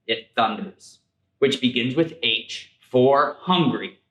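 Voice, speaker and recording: Guy reading a kids' story, slow and playful, echoey room. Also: medium pitch, lively intonation, fairly bright tone. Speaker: vice mayor reading a picture book.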